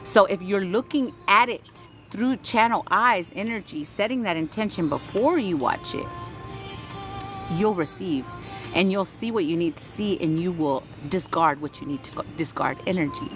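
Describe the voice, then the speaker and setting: Low-voiced woman hosting a spiritual livestream. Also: moderate pace, music in the background. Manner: animated, reads chat aloud, greets viewers warmly by name; preachy, repeats "right?" for emphasis, swears casually. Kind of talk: casual spiritual livestream chat.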